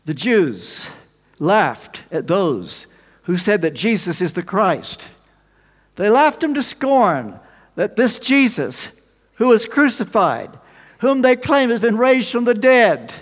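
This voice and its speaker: A man preaching a sermon, telling the story with animated swings between loud emphasis and quiet asides. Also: high-pitched, slow pace. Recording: long reverb of a large hall.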